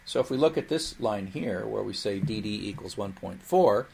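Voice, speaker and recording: A male instructor with a low voice and a gravelly, creaky edge talks through programming concepts in a recorded lecture. His delivery is explanatory and lively, with playful asides along the way. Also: moderate pace, slight background noise.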